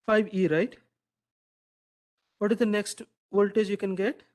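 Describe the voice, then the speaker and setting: A man's voice: sits high, fairly even intonation, unhurried, a little mellow. A man teaching a classroom lecture, quizzing students, repeating their answers and asking "right?" again and again.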